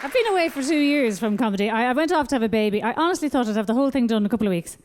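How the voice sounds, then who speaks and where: Animated high-voiced Irish woman comic. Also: rapid-fire, crowd noise, background noise. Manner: animated, sing-song baby-talk delivery. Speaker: stand-up comedian. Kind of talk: stand-up comedy routine. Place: comedy club stage.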